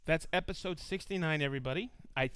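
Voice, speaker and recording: A man's voice: fairly high pitch, fast, a bit bright, smooth, dry recording. A man hosting a live stream, reading out viewers' hometowns with upbeat enthusiasm and frequent laughs. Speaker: livestream host.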